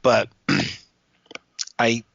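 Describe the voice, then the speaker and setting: A man's voice: extremely slow, fairly bright tone, no room sound, lo-fi sound. Jokey man co-hosting a podcast. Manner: jokey, slips into goofy accent impressions. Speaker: podcast co-host. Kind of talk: casual chat.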